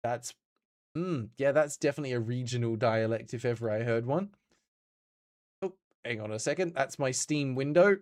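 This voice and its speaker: A man's voice: mid-range voice, normal speed, darkish tone. An Australian man streaming games, chatting casually and answering his chat as he plays.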